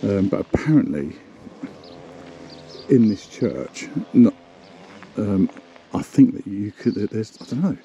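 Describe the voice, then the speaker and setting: A man's voice: lowish voice, sing-song, slow pace, vocal fry, long pauses, warm tone, muffled recording, a little hiss or hum. A man chatting casually to camera as a travel vlogger, rambling and self-deprecating. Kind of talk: casual vlog narration.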